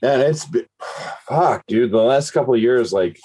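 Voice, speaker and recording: A male podcast co-host chats casually and swears freely. His voice is husky and his pitch sits mid-range. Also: animated, measured pace, dark tone. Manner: laid-back, swearing freely.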